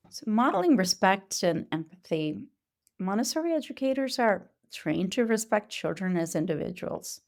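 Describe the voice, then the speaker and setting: A woman speaks at a conference as a Montessori educator, with a voice that sits a little low for a woman. She explains earnestly and patiently. She often pauses and uses fillers as she works through her points. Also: lively intonation, creaky, a little mellow. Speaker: Montessori educator giving a talk. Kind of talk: conference talk.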